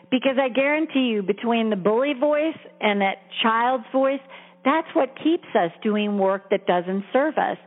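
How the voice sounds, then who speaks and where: Earnest woman coach on a tinny line. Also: fairly high pitch. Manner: earnest, encouraging, conversational. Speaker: career coach. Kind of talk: coaching talk. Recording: tinny phone-line sound with long reverb.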